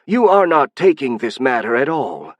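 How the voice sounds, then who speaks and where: A man reading an audiobook, voicing a proud, stubborn alien hive queen with a shrill, strange edge. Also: very animated, moderate pace, no echo, natural voice. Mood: defiant. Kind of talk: audiobook narration.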